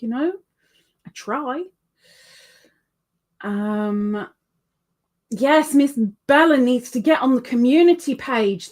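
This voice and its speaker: A woman's voice: on the high side, a little mellow. A woman hosting a casual livestream, chatting, reading viewer comments aloud and laughing often. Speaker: livestream host.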